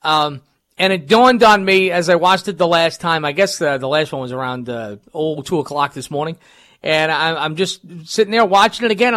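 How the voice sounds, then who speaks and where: A man with a high-pitched voice hosts a talk radio show. He rambles casually, with plenty of fillers and restarts. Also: fairly bright tone.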